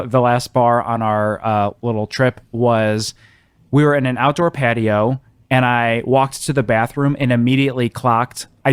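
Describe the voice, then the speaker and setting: A young man casually telling a funny travel story on a podcast, animated, laughing often, with many ums. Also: medium pitch, smooth, no room sound. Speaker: podcast co-host.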